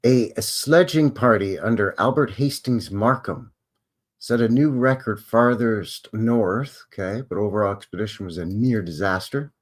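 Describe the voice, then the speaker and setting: A Canadian man with a lowish voice hosts a casual live stream. He reads historical notes aloud and keeps interrupting himself with dry, offhand remarks. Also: normal speed. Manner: wry offhand asides between read-out facts. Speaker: live show host.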